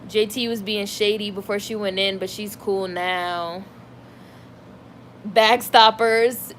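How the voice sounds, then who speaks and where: A woman's voice: mid-range voice, slight background noise. Chatty woman gossiping on a livestream. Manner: chatty, animated, heavy use of "like". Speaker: livestream host reading chat. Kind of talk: casual celebrity gossip chat.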